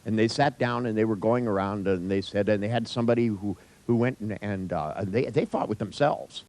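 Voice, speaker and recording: Gravelly older man telling a wry story. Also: lowish voice, brisk, darkish tone, poor audio. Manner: profane, wry, full of restarts and asides. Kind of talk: rambling personal anecdote.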